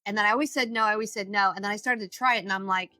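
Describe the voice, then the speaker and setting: A woman's voice: medium pitch, steady tone, very fast, sharp tone, no room sound, faint music behind. A middle-aged woman, a recovery coach, speaking as a podcast guest, telling stories emphatically and acting out the voices of people she quotes. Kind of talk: podcast interview storytelling.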